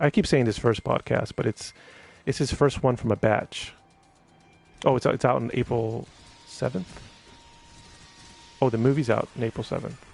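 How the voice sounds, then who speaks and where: Man, casual stream chatter, gravelly, rambling, faint music behind. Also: medium pitch, a little mellow. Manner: rambling, laughs often, many fillers and restarts. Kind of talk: casual live-stream chat.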